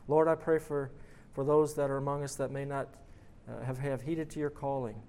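A man's voice: mid-range voice, fairly even intonation, normal speed, warm tone, smooth. Emphatic preacher man. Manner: emphatic, rising on rhetorical questions. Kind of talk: sermon story reading and prayer.

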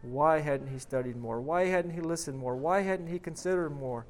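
A man's voice: fairly high pitch, normal speed, darkish tone. A man preaching, reading a dramatic story aloud and then leading a prayer, emphatic on repeated questions. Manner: emphatic, rising on rhetorical questions.

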